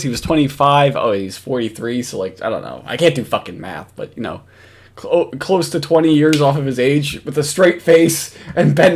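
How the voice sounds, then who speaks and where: A man giving casual reaction commentary, ranting in an exasperated, profane way with many restarts. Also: on the high side. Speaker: commentary host.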